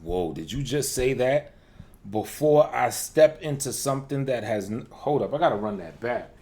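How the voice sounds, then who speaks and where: A man hosting his channel, answering a clip in relaxed, conversational and dismissive commentary. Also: mid-range voice, moderate pace. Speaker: channel host replying to a clip. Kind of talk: casual reaction commentary.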